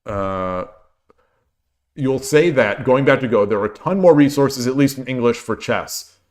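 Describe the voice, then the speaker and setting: A man's voice: mid-range voice, lively intonation, measured pace. A man in his forties, tired, chatting casually with viewers on his stream, rambling with many restarts and joking at his own expense. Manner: rambling, with frequent restarts and self-deprecating jokes. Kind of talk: casual chat while streaming games.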